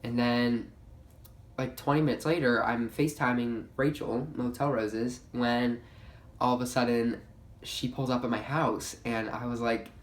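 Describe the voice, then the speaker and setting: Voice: medium pitch, fairly even intonation, a little slow. A young adult vlogger telling a storytime in a casual, chatty way, full of "like" fillers and frequent swearing. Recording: roomy echo.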